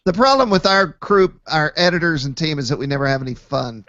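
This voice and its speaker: Male host, easygoing rambling banter, raised pitch; dry, muffled lo-fi sound. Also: animated, a little fast, a bit bright, no room sound. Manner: joking, rambling, many fillers. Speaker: podcast host. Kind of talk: casual chat. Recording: dull lo-fi dry recording.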